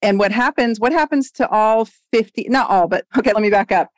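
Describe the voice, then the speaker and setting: A woman in her forties, a doctor guest on a podcast interview, talking in an animated, emphatic way. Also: on the high side, fairly quick, no room sound. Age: 40s.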